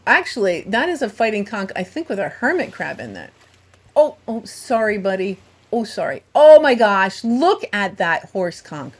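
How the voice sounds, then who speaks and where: A woman's voice: a little high, sing-song, normal speed, slightly rough. A woman vlogging from a beach as she hunts for shells, bubbly and gushing, and talking to the shells she finds. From Southwest Florida. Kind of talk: casual narrated vlog. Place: outdoors on a beach.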